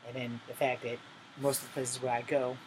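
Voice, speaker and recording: A man's voice: mid-range voice, little pitch movement, a little fast, background noise. Profane rambling man in his forties. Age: 40s. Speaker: vlogger. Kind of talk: ranting monologue to camera. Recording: air conditioner humming behind.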